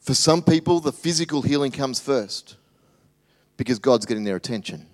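A man preaching a sermon as pastor, swinging between loud animated bursts and hushed, tender asides. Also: medium pitch, moderate pace.

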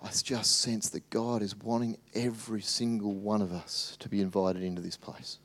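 A man preaching a sermon as pastor, swinging between loud animated bursts and hushed, tender asides. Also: fairly low pitch, moderate pace.

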